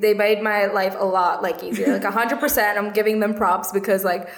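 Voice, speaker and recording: A woman with a raspy voice, short on sleep, chatting casually as a competition director and telling animated stories. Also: medium pitch, fairly quick. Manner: animated storyteller, laughs often. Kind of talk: casual chat. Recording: roomy echo.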